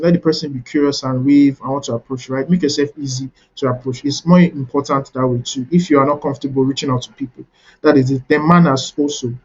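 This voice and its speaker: A man's voice: fairly high pitch, darkish tone, breathy edge, highs cut off. A man coaching a webinar audience on networking, teaching step by step and checking in with "right?" after key points.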